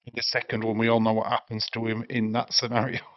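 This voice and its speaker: A man's voice: mid-range voice, level tone, normal speed, highs cut off. An English man hosting a casual movie watch-along stream, chatting with viewers and swearing freely. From England. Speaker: livestream host.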